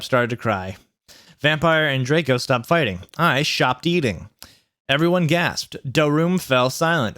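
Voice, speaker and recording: A young man reading a story aloud for a comic challenge, animated and laughing through lines. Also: mid-range voice, clear, resonant tone, dry recording, clean studio sound. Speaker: YouTube reader.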